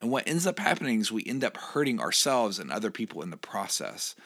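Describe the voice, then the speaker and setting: A man's voice: on the low side, very animated, fast talker, vocal fry, fairly bright tone. A male pastor giving a short, earnest devotional sermon, reading scripture aloud and encouraging his listeners.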